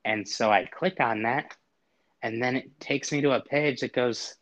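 A man's voice: mid-range voice, a little slow, a bit bright. A man casually telling a story, acting out both sides of a frustrating phone call with exasperated humor. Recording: dull lo-fi audio.

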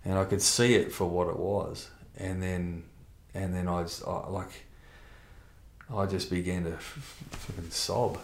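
A man's voice: sits low, little pitch movement, a little slow, gravelly, roomy sound, slight background noise. A middle-aged man telling a candid personal testimony in conversation, blunt and rambling with restarts and mild swearing. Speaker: interview guest.

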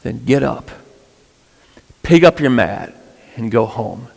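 A calm, compassionate Jesus who speaks in a soft, hushed voice, as a preacher plays him. The quiet words hang in the long reverb of a church hall. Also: male voice, mid-range voice, takes it slowly, creaky, pitched below the performer's own voice, exaggerated voice. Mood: tender.

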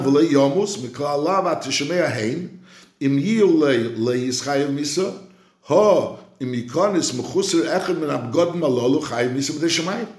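A man teaching a Torah class, his voice sitting a little higher than most men's. He slows down to chant each quoted verse, then reasons through it in a searching way, often restarting his sentences. The room around him rings with a noticeable echo. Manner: chants quoted verses slowly, then explains in quick back-and-forth; frequent restarts and repeated words while reasoning. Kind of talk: Talmudic-style lecture. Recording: roomy echo.

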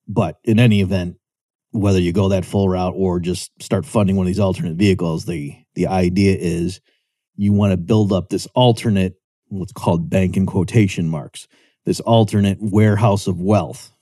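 A man's voice: dark tone, no echo, studio quality. A man giving a conversational explanatory lecture, checking in with listeners and lifting his voice to act out quoted remarks. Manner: chatty, checks in with rhetorical "right?"; acts out quoted voices with lifted pitch. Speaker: economics lecturer.

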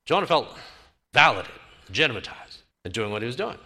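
A man teaching a sermon on a Bible passage, emphatic and building to forceful repetition. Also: mid-range voice, very animated, fairly quick.

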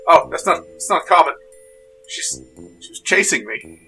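A man's voice: on the high side, sing-song, moderate pace, pushed and bright, soft background music, pitched above the performer's own voice, exaggerated voice. A man voicing a panicked, terrified man who is on the verge of sobbing. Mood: frightened. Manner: frantic, pleading, on the verge of sobbing.

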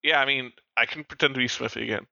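A man playing a tabletop game, talking casually and halting with restarts. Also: mid-range voice, fairly even intonation, vocal fry, sharp tone, dry recording, muffled recording. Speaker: player.

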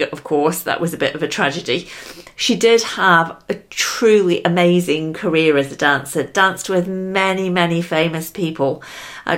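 A woman hosting a solo podcast, chatty and giggly, talking straight to the listener. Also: on the low side. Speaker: podcast host. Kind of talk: upbeat solo podcast talk.

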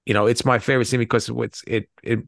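A man's voice: mid-range voice, flat delivery, fast talker, vocal fry, dry recording, studio quality. A man co-hosting a podcast, chatting casually about a film, rambling and swearing freely. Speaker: podcast co-host. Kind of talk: casual movie-review chat.

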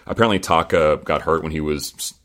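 A man with a very deep voice hosts a casual podcast. He talks in a loose, chatty way, laughing often and dropping the odd swear word. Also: a little fast, fairly bright tone. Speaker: podcast host recapping a reality show. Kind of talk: casual chat.

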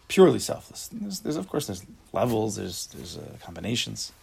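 A man's voice: lowish voice, sing-song, unhurried, gravelly, breathy edge. A man giving a casual Torah class, reading a text and explaining it, acting out angry everyday voices and asking the class questions. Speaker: Torah teacher.

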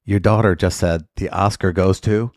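A man's voice: deep voice, normal speed, no echo, studio quality. A man, a guest lawyer, telling comic stories in casual podcast chat and acting out the people he quotes. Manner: animated, acts out quotes in loud voices.

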